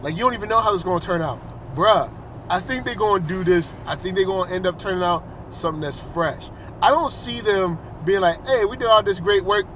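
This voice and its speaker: A high-voiced man talks with animated enthusiasm. He pushes back hard in casual chat, with faint road noise from inside a car behind him. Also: a little fast. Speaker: podcast host.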